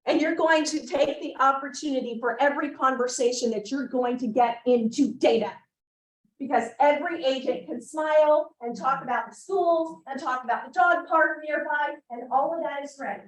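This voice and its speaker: A woman leading a real estate team meeting, giving an animated motivational talk and acting out scenes. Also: high voice, normal speed. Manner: animated, acts out scenes with exaggerated voices. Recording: echoey room, voice from far off.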